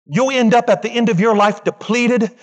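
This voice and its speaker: A man's voice: very high voice, moderate pace. A man preaching a sermon with passion, driving points home through rhythmic repetition and calling out to the congregation. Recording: long reverb in a large hall.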